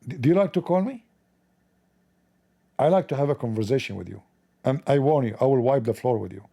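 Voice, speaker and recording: This livestream host is a man with a medium-pitched, gravelly, dark voice, brisk and lively in intonation. He answers chat in a mocking, sarcastic, confrontational way, and his English grammar is non-native.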